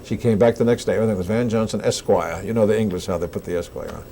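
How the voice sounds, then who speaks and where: An older actor being interviewed, telling animated anecdotes and acting out the lines people said to him. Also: male voice, fairly low pitch, very fast, slight background noise. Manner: animated anecdotes with acted-out quotes. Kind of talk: casual interview storytelling.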